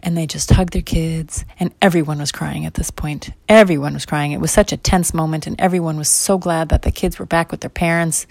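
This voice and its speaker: A woman improvising a children's story for her child in a gentle, rambling way, looping back over her phrases. Her voice sits fairly low, and the recording is dry with no room sound. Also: steady tone, fairly quick, vocal fry, hardly any pauses, dry recording.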